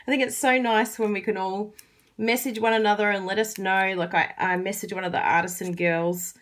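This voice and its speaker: A woman's voice: medium pitch, steady tone, a little fast, fairly bright tone. A woman with an Australian accent giving a chatty, casual card-making tutorial, laughing often.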